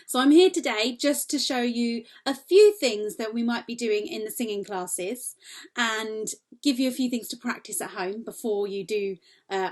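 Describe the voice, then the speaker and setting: A young woman singing teacher leading a cheerful, encouraging warm-up lesson, demonstrating vocal exercises. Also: mid-range voice.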